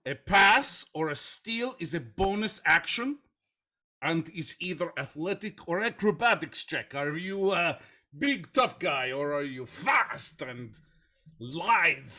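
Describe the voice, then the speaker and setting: A man playing a bossy male gym coach who gives commanding, drawn-out instructions to a class. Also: a little high, expressive, sharp tone, heavily acted.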